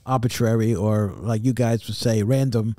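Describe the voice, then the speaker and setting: A man co-hosting a casual podcast chat, speaking thoughtfully and haltingly, pausing often to search for words. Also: lowish voice, steady tone, dark tone, no echo, studio quality. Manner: thoughtful, halting, many uh fillers.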